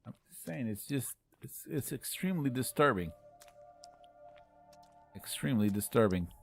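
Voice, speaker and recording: A man hosting a live game stream, chatting playfully with viewers and bursting into loud exclamations. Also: medium pitch, animated, normal speed, creaky, faint music behind. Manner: argues jokingly with chat. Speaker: livestream host playing a game with viewers. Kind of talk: live gaming commentary.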